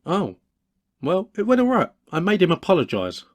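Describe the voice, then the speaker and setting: A man's voice: sits high, wildly swooping pitch, moderate pace, no echo. A man voicing a stubborn young man who gets pushed around, defensive and blustering when questioned. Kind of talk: cartoon voice acting.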